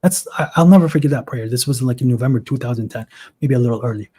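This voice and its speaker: A man's voice: medium pitch, fast, dark tone, husky. A man in his twenties on a video call, telling his story earnestly and with emotion in a casual livestream chat. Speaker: guest.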